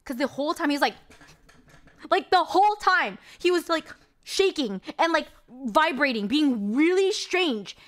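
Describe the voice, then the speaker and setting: A woman's voice: high voice, lively intonation, a little slow, a bit bright. A young adult woman streamer chatting casually, telling a long story in a rambling, incredulous way with lots of fillers. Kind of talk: casual stream chat recapping a movie.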